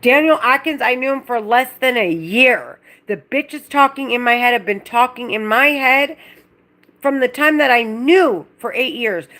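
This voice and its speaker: A woman's voice: on the high side, animated, a little slow, fairly bright tone. Angry ranting woman on a livestream. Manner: angry, profane, rambling ranting. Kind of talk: agitated monologue to camera.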